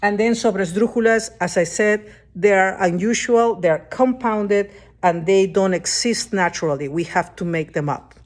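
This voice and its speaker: A woman's voice: mid-range voice, normal speed. A woman teaching a lesson at a whiteboard, explaining step by step and often checking that the class understands. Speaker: Spanish teacher.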